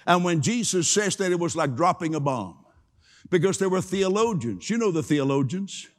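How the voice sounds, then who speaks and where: A man's voice: high-pitched, lively intonation, normal speed, long reverb tail. A man preaching a sermon, emphatic, repeating key phrases and asking the congregation to say them with him.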